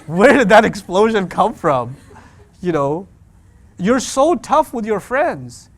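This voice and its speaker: A man teaching a Quran class for young adults, lively and joking, often acting out parents and teens. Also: sits high, takes it slowly.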